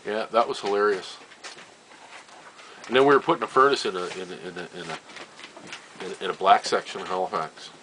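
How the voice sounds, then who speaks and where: A man's voice: deep voice, moderate pace, long pauses, a bit bright, a little hiss or hum, low-quality recording. An older man from Nova Scotia telling family stories in a casual way, chuckling often and repeating himself as he goes. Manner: laughs often, chuckling asides, trails off and repeats phrases. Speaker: storyteller. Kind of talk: casual personal storytelling.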